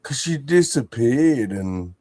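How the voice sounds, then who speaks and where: A man in casual conversation, telling a story in a relaxed, laconic way. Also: mid-range voice, slow, dry recording.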